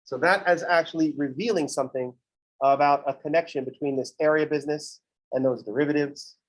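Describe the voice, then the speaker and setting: A man's voice: fairly high pitch, a little fast, rough recording. A man teaching a math class in a conversational lecture style, with playful digressions.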